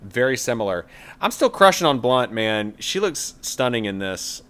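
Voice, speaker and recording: Man, podcast co-host, relaxed chatty delivery, lively pitch, casual trailer talk. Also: moderate pace, clear, resonant tone. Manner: laid-back, chatty, lots of "like" and "uh". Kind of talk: casual chat reviewing movie trailers.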